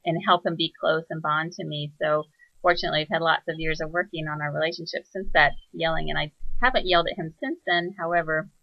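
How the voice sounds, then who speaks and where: A woman hosting a reflective spoken monologue, soft-spoken and searching, pausing often with fillers as she thinks aloud. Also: deep voice, fairly even intonation, gravelly, no room sound, muffled recording. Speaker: spiritual teacher.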